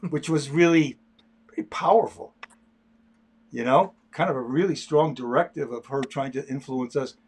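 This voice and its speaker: Give me an older man with a husky voice, chatting loosely about his drawing. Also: mid-range voice, normal speed. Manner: rambling, stop-start with repeated words. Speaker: artist demonstrating sketching. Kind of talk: casual livestream chat while drawing.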